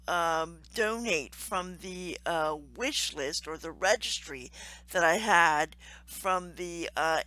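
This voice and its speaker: A woman talks straight to camera in a casual, heartfelt appeal, pausing often with ums. Her voice is bright and forceful, recorded dry and close with no room sound. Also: lowish voice, dry recording, rough recording. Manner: earnest, heartfelt, with many ums and gentle laughs. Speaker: crafts channel host and Salvation Army volunteer.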